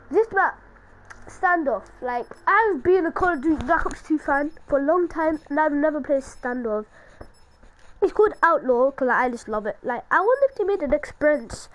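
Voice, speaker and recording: Very high-pitched excitable woman gamer. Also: poor audio. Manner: excitable, taunting other players. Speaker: gameplay commentator. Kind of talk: casual gaming commentary.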